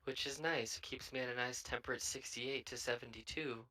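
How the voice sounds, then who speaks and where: Male player, bright voice, offhand and laid-back in character. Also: mid-range voice, steady tone, a little fast, poor audio. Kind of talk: tabletop role-play in character.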